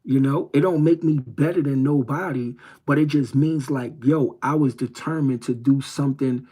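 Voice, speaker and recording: A man's voice: mid-range voice, normal speed, dark tone. A middle-aged man from New York City telling a personal story on a livestream, in a rambling, streetwise way that repeats its phrases. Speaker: livestream host. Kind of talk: casual storytelling.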